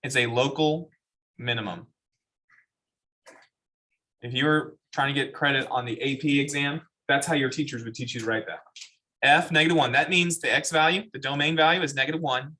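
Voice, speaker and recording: A man's voice: medium pitch, pushed and bright. A man teaching a math class, explaining step by step and asking the students questions. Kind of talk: classroom lecture.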